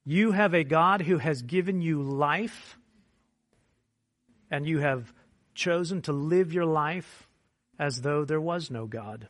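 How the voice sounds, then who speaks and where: A male pastor delivering a sermon at an unhurried pace. His voice sits a touch high and is recorded dry and close. He swings between hushed, measured teaching and loud, fervent appeals. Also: no echo. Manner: builds from quiet, measured explanation to loud, impassioned preaching.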